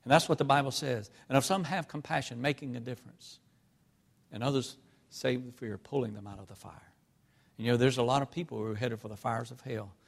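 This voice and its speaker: Male preacher, gravelly voice, emotional sermon delivery, swings quiet to loud, heard in a big reverberant church hall. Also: medium pitch, brisk. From North Carolina. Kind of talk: sermon with personal stories.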